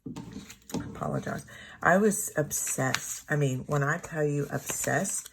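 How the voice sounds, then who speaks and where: A woman in her thirties telling a personal story at home in a rambling, halting way, often correcting herself. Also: low voice, background noise. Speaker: planner vlogger. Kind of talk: casual storytelling while journaling. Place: home room.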